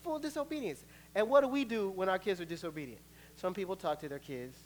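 A man preaching a sermon as pastor, conversational and animated, joking with the congregation. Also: high-pitched, fast, a little hiss or hum. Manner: animated, acts out quoted voices, laughs between points.

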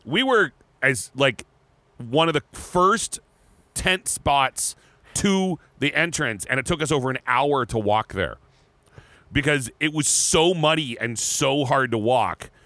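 A man co-hosting a podcast, telling a story in casual chat, animated and laughing, often restarting his words. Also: mid-range voice, takes it slowly, no room sound. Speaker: podcast co-host.

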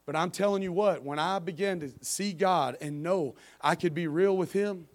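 Male pastor, high voice, impassioned sermon delivery with repeated emphatic phrases, loud then hushed. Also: normal speed. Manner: impassioned, swinging from loud emphatic preaching to quiet confiding. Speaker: preacher and youth pastor.

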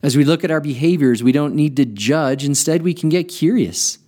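A man hosting a podcast, telling a personal story in an earnest, reflective way and slowing down to stress key points. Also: a little high, dark tone. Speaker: podcast host.

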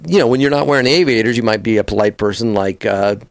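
Comedian and voice actor, male, lively storyteller who jumps into character voices, close dry mic. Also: lowish voice, fast talker, no echo. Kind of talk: casual interview chat.

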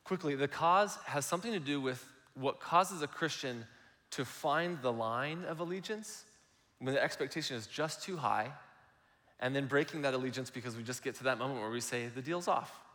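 A man's voice: mid-range voice, moderate pace, fairly bright tone, in a large hall. A male pastor giving a conversational, explanatory sermon.

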